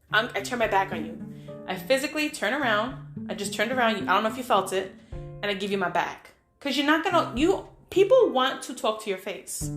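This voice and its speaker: A middle-aged woman hosting a podcast, giving casual motivational talk in a direct, emphatic way straight to the listener. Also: a little high. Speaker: podcast host.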